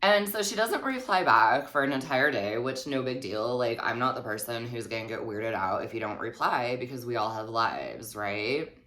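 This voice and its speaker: A woman with a strikingly deep, low voice tells a storytime vlog. Her delivery is snarky and full of swearing, and her pitch swings up and down a lot as she talks. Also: animated, normal speed, few pauses, fairly bright tone. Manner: snarky and heavily profane. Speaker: vlogger.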